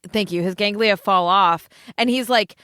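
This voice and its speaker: A woman co-hosting a casual podcast chat, animated and swearing often as she acts out characters' lines. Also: mid-range voice, moderate pace, clean tone, no room sound, studio quality. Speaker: podcast co-host. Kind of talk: casual chat about a TV episode.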